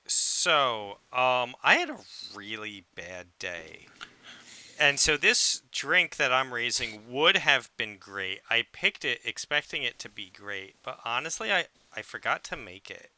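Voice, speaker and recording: A man co-hosts a podcast in easy, casual chat, chatty and quick to poke fun at himself. His voice is very bright and smooth. The sound is dry and close. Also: mid-range voice, big pitch swings, dry recording. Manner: chatty and self-deprecating, laughs easily. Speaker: podcast co-host.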